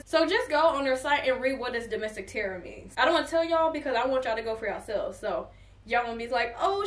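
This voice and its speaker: A young woman chatting casually to her viewers in a try-on haul, animated and talkative. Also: a little high, recorded from a distance. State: has hiccups. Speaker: fashion vlogger. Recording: echoey room, voice away from the mic, faint music.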